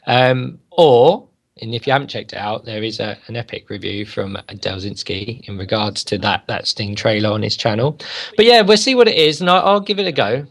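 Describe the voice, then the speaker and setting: Gravelly, joking male co-host. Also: lowish voice. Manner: playful, joking, asks many tag questions. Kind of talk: casual wrestling chat.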